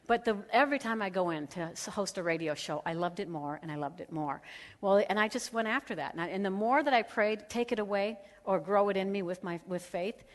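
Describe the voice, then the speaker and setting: A middle-aged woman speaker telling a lively, laughing story at a women's conference, acting out the voices of the people in it. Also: mid-range voice, a little fast. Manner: animated, laughing, acts out quoted voices. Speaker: radio host and conference speaker. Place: large conference hall. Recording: hall reverb.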